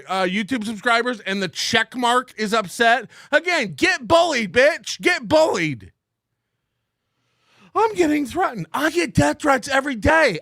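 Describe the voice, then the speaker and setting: A man's voice: very high voice, bright, forceful tone, no echo. A man in a played clip, ranting angrily and repeating himself. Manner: angry, repetitive ranting.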